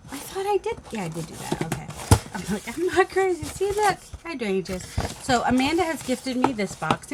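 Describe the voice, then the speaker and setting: A woman's voice: medium pitch, noisy background. Chatty New England woman crafter. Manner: chatty, rambling, thinking aloud with many fillers. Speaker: crafting channel host. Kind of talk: casual unboxing chat. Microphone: phone.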